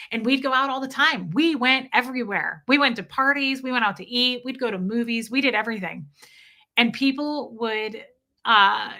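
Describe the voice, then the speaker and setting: Woman, 30s, vlogger; bright, tense tone; animated, candid storyteller who swears at times. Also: fairly high pitch. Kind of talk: casual storytelling to viewers.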